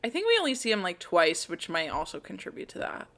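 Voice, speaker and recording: A woman's voice: mid-range voice, wildly swooping pitch, fairly bright tone. A woman co-hosting a podcast, retelling a TV episode in casual chat and quoting the characters' lines as she goes. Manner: plot-summarizing, acting out characters' lines in quick quotes. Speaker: podcast co-host. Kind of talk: casual chat recapping a TV show.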